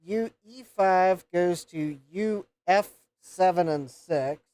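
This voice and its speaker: A man's voice: high voice, takes it slowly, darkish tone. A man hosting a live repair stream, thinking aloud and counting pins as he checks a circuit board. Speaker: host of a retro computer repair livestream.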